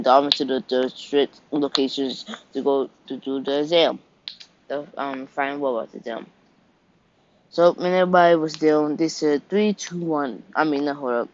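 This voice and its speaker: Rambling young man on a dull lo-fi recording. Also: fairly high pitch. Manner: rambling, self-correcting, with offhand asides. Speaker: fan story narrator. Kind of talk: casual improvised story retelling.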